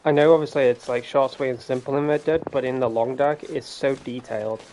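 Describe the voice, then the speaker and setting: Male gaming host, casual commentary, rambling, ranty, swears a lot, mid-pitched voice. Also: fairly even intonation, brisk, darkish tone, slight background noise. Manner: rambling, ranting, swears freely.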